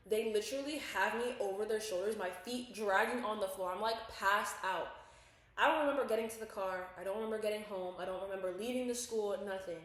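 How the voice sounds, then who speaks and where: Talking fast at a middle pitch, a young woman co-hosting a laid-back podcast animatedly recounts a story, loose with profanity and performing the lines people said. The space around her is very echoey.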